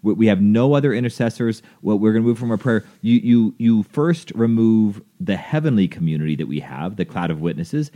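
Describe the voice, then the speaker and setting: A man's voice: fairly low pitch, expressive, a little fast, few pauses, mellow, dull audio. A man talking earnestly about faith in a casual conversation, acting out little dialogues as he explains.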